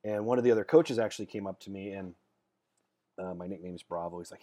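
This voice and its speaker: A man's voice: sits low, fast, dark tone. Rambling, straight-talking male dating coach. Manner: rambling storyteller, repeats words as he restarts. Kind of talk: casual monologue to camera.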